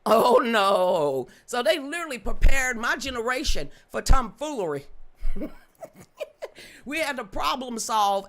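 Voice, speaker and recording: A woman's voice: mid-range voice, fairly bright tone. A middle-aged woman hosts a live-streamed commentary show. Her voice swings widely up and down as she gloats and mocks, and she slips into sing-song chants along the way. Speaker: host.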